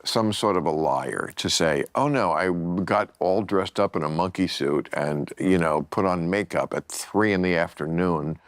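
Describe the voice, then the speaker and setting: A man's voice: low voice, moderate pace, few pauses, dry recording. A man hosting a casual podcast chat, blunt and opinionated, swearing freely. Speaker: podcast host.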